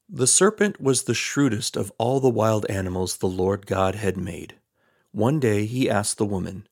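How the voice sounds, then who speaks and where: A man reading scripture aloud in a steady, measured way, lightly voicing the quoted speech. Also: fairly low pitch, vocal fry, no echo, clean studio sound. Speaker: Bible reader.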